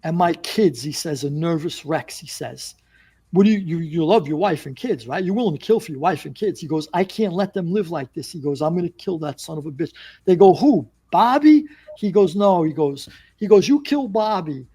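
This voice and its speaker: Animated New York man telling stories. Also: a little high, normal speed, slightly rough. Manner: animated storyteller acting out quoted dialogue. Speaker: former mobster guest. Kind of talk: storytelling in casual interview.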